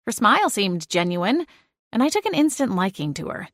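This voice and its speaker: Woman reading a cozy novel in first person, lively, dry close sound. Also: medium pitch, moderate pace, no room sound. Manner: lively, expressive. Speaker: audiobook narrator. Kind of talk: first-person audiobook narration.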